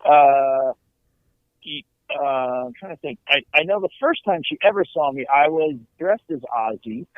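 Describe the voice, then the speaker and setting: A man's voice: fairly high pitch, lively intonation, unhurried, no echo. A middle-aged man, a comedian guest, telling stories casually and acting out quoted lines with animation. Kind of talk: casual storytelling. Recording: tinny phone-like line.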